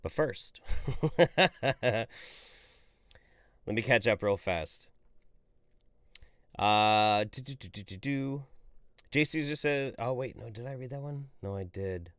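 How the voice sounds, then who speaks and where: A man's voice: medium pitch, slow, long pauses, a bit bright, clean tone, dry recording, studio quality. A man hosting a live stream, reading chat messages aloud in a jokey, casual way and swearing freely.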